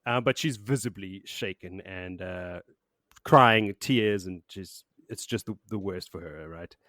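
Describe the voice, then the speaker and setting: A man's voice: sits low, a little slow, sharp tone, no echo, studio quality. A man hosting a podcast, chatting casually and rambling as he recaps a book, laughing and swearing now and then. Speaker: podcast host.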